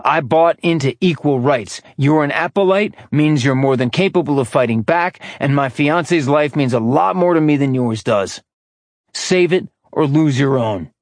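Guy doing a weary immortal dude, sardonic, low clipped threats, dry sound. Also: animated, moderate pace, dry recording. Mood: defiant.

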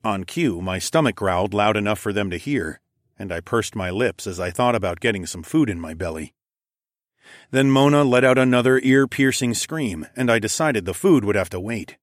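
A man narrating a fantasy novel in the first person, in a measured, steady storytelling manner. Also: lowish voice, no room sound, clean studio sound. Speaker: audiobook narrator.

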